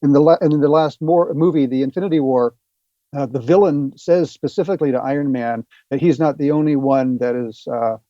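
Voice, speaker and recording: A man, an author being interviewed, explaining his ideas earnestly with halting restarts. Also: mid-range voice, warm tone, no echo, dull audio. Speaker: author guest. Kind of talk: interview answers.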